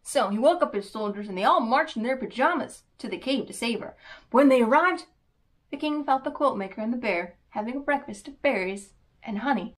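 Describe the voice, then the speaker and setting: Woman reading a kids' picture book out loud, expressive, voice a bit on the high side. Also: brisk, low-quality recording. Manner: expressive, storytelling cadence. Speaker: children's story reader. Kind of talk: storybook read-aloud.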